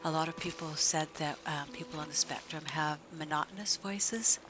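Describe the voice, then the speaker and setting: Soft-spoken woman nearing sixty, low voice. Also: background noise. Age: 50s. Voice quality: even, gentle delivery. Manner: soft, half-whispered and slow. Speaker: streamer. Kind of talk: casual chat while gaming.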